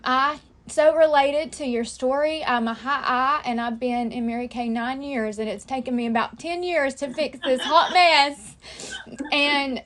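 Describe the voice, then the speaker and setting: A woman on a video call, emotional and gushing as she thanks a speaker. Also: sits high. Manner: gushing, effusive. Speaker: sales consultant, meeting participant. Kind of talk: casual video-call sharing. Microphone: video call microphone.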